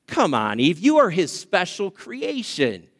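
A man voicing a sly, mocking male serpent who coaxes in a low, sneering tone. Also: huge pitch swings, unhurried, fairly bright tone, full character voice. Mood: coaxing.

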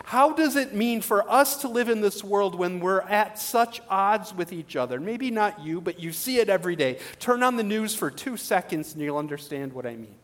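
High-voiced animated male pastor. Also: normal speed, few pauses. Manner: animated, rhetorical preaching. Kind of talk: sermon.

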